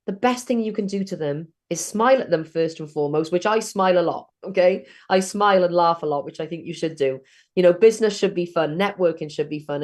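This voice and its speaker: During an online training session, a middle-aged South Welsh woman chats through stories about networking. Her voice is lowish and darkish in tone.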